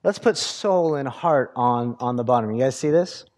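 A man's voice: mid-range voice, lively intonation, moderate pace, darkish tone. A man preaching a sermon in a conversational way, with lots of fillers and restarts. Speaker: pastor.

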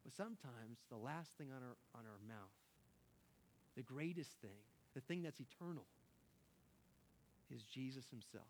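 Animated man preaching a sermon. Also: mid-range voice, normal speed, long pauses, slight background noise. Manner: animated, laughing often, self-interrupting with restarts. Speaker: pastor.

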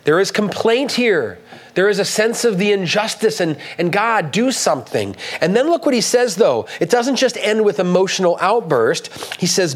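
Male pastor, earnest sermon delivery, slightly higher voice, lifts his pitch for scripture readings. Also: expressive, normal speed.

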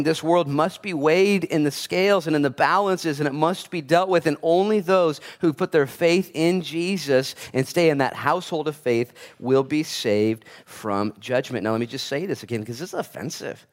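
Animated pastor, man with a higher voice. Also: normal speed, hardly any pauses. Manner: animated, acts out quoted voices, joking asides. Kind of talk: conversational sermon.

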